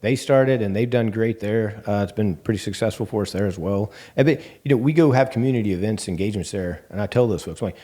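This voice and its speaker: A man's voice: fairly low pitch, quick pace, hardly any pauses. A man with a Texan accent, a bank CEO guest telling stories in a casual interview and acting out the dialogue with plenty of fillers. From Texas Panhandle. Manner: animated, acts out quoted dialogue with many fillers.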